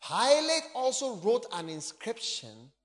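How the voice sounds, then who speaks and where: A man preaching a sermon, reading scripture aloud and explaining it with emphatic, animated bursts. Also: very high-pitched, measured pace, big-room sound.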